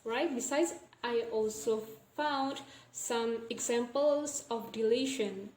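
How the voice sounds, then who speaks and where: Slow-speaking young woman explaining phonetics. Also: a little high, darkish tone, roomy sound, slight background noise, low-quality recording. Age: young adult. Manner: repeats example words slowly, explaining step by step. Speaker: student presenter. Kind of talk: recorded class presentation.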